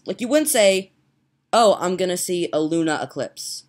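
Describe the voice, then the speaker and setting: A woman's voice: low voice, moderate pace, a little mellow. A young woman rambling in a casual home vlog, chatty and giggly, laughing at herself as she talks. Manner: chatty, giggly, self-mocking. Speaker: vlogger. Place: home, indoors.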